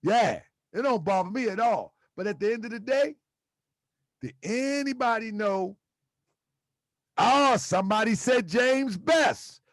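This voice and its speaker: A man with a strikingly high voice lectures his online audience and fires off repeated rhetorical questions. His pitch leaps around with lively energy. The sound is close and dry. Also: unhurried, no echo. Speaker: host. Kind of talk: livestream commentary to chat.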